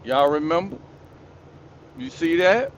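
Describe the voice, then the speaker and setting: A man rants at his listeners in a slow, drawn-out, preachy way. He scolds them and hammers his points home through repetition. A faint hum of noise sits under the recording. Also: fairly high pitch, animated. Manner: preachy, scolding, repetitive, addresses the audience directly. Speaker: commentary channel host. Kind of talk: ranting monologue commentary.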